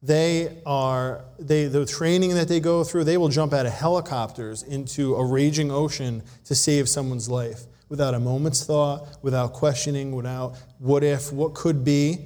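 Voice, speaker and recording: A man preaching a sermon, telling a personal story in an animated way and acting out voices. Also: medium pitch, moderate pace, few pauses. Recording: long hall reverb.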